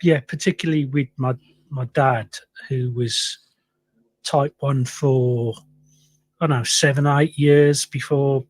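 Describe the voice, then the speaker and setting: A man sharing his experience in a casual online chat, speaking haltingly and restarting sentences. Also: mid-range voice, fairly even intonation.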